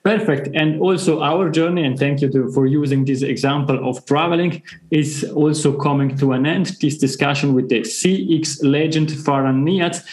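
A man's voice: fairly high pitch, normal speed, few pauses, darkish tone. A man hosting an interview, wrapping it up in a formal, polite way. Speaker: host.

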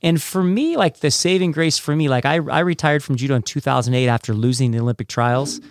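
A man's voice: mid-range voice, brisk, no echo. Give me a man hosting an interview, casual and chatty, with a dry sound. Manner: casual, many "like" and "you know" fillers. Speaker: host, former judo athlete. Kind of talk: podcast interview.

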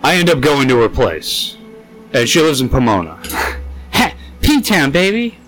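Lively swearing man telling a story. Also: normal speed, faint music behind. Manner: animated, swears a lot, acts out quotes in high voices. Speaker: podcast co-host. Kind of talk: casual storytelling chat.

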